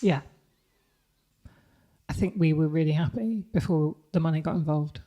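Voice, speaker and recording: A woman's voice: sits low, moderate pace, mellow. A woman, speaking candidly and reflectively as a podcast guest, laughing often. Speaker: guest, company CEO. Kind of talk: podcast interview conversation.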